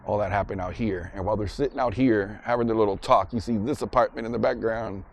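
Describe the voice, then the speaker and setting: A man's voice: lowish voice, fast talker, gravelly. A man casually narrating a vlog outdoors, chatting as he walks through a parking lot and ballpark with a handheld camera. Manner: relaxed, chatty, retells scenes as he walks. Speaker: vlogger visiting filming locations.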